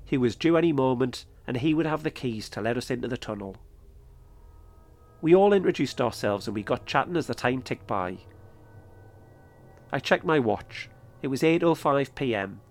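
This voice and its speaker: Guy reading his podcast story out, calm and steady, mid-range voice. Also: mid-range voice, moderate pace. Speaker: podcast host and narrator. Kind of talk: scripted narration.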